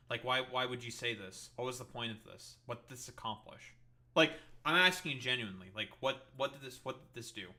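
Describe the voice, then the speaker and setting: A man's voice: medium pitch, pushed and bright. A man streamer reacting to a clip, ranting in a heated, sarcastic, profane way. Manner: sarcastic, heated, swears constantly.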